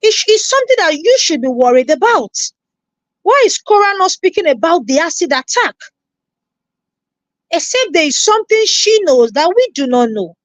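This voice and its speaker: Nigerian woman, live-stream reactor, very high, animated and scolding, dry mic. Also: normal speed, no echo. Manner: animated, scolding, repeats herself, greets viewers.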